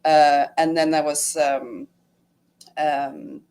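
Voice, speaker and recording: A woman's voice: deep voice, fairly even intonation, extremely slow, darkish tone. A middle-aged woman sharing a personal story in casual talk, emotional and full of fillers, acting out her own inner thoughts. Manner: emotional, many fillers and acted-out inner quotes. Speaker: guest sharing her retreat experience.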